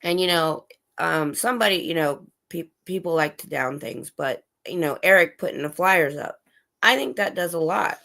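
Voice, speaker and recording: A woman's voice: fairly low pitch, animated, normal speed, vocal fry, pushed and bright. Chatty woman hosting a late-night stream. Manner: chatty, talks to her dogs between topics, many restarts. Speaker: livestream host. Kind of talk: casual late-night chat. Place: home, dogs in the room. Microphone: livestream setup.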